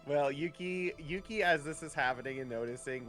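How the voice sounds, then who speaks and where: A man's voice: medium pitch, steady tone, normal speed, hardly any pauses, a bit bright, faint music behind. A man playing a tabletop game, asking questions and describing his character's actions. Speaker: player. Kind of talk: casual tabletop play.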